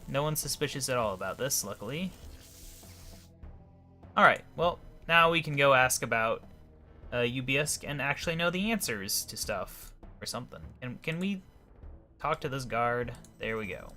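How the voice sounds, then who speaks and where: Bright-voiced man, offhand game commentary. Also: medium pitch, expressive, moderate pace, soft background music. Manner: offhand, wry asides. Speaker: let's play host. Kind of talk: casual gameplay commentary.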